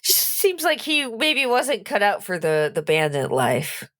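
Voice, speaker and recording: Female player, slow pace, animated pitch, teasing asides. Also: very noisy. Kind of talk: casual in-character play.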